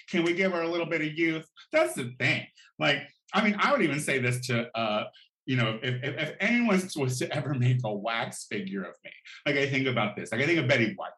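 A man's voice: mid-range voice, a bit bright. A man doing a sassy, profane comedic rant, campy and full of exaggerated outbursts, recorded in an echoey room. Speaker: vlogger.

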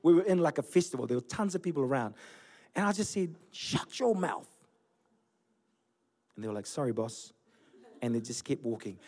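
A man in his forties, originally from Fiji, preaching a sermon as pastor with animated storytelling and self-deprecating humor. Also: medium pitch, fast talker. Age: 40s. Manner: storytelling, animated, laughing at himself. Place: church.

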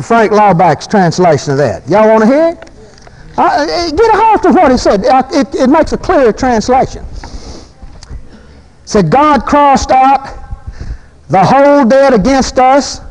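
Man preaching, very high voice, fervent, folksy, repeats himself. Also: rough recording. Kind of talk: sermon.

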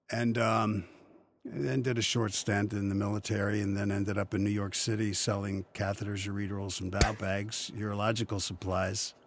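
Older man, gravelly, husky, lowish voice, rambling interview anecdotes. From Western Pennsylvania, USA. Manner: rambling storyteller, chuckling, many restarts. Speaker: voice actor guest.

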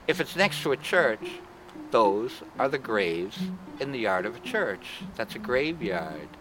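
A man guiding a ghost tour, telling folksy stories and punchline jokes, with loud music behind. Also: mid-range voice, sing-song, unhurried, a crowd in the background, rough recording. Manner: punchline-driven, folksy, laughs at own jokes. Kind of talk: joking storytelling tour talk.

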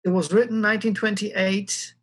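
A history lecturer giving a recorded lecture, talking in a halting way with frequent fillers. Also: medium pitch, steady tone, poor audio.

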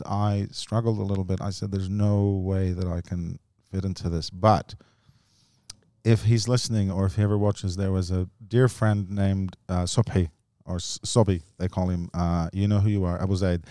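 A man's voice: low voice, fairly even intonation, moderate pace, warm tone, no room sound, studio quality. A man telling rambling personal stories in casual podcast chat, laughing often as he goes. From grew up in the US and Australia. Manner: rambling storytelling with frequent laughs. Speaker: comedian guest.

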